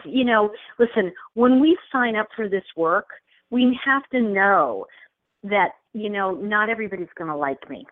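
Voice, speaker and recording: A woman's voice: fairly low pitch, dry recording. A woman in her fifties from New York, a psychic and spiritual teacher talking casually as an interview guest, telling stories and acting out the voices of people she quotes. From New York, USA. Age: 50s. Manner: expressive storyteller, acts out quoted voices, laughs easily. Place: home recording studio. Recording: dry, tinny phone-like line.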